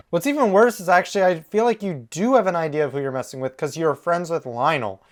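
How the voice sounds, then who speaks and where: A man hosting a reaction video, talking excitedly back at the characters on screen. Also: fairly high pitch, brisk, hardly any pauses, faint music behind. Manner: animated, exclaims and talks to the characters.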